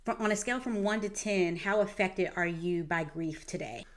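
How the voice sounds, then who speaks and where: A woman in her thirties hosting a podcast, talking in an earnest, reflective way with frequent fillers and pauses. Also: fairly low pitch. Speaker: podcast host. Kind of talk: heartfelt conversational interview.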